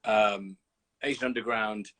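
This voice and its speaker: Man, host, video call, animated storyteller, crisp bright tone. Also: lowish voice, measured pace. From United Kingdom. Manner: animated storyteller, swears freely, acts out scenes. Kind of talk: casual livestream chat.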